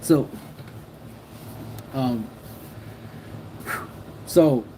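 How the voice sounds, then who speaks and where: A man's voice: medium pitch, drawn-out words, mellow, a little hiss or hum, poor audio. A man telling a personal anecdote in casual slang, swearing a lot and acting out what people said. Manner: profane, streetwise slang, acts out quotes. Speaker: storyteller.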